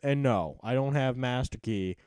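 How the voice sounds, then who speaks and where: Young man, gaming commentary, mellow voice, dry close mic, swearing, self-mocking. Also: mid-range voice, moderate pace, clear, resonant tone, dry recording. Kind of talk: post-recorded gameplay commentary.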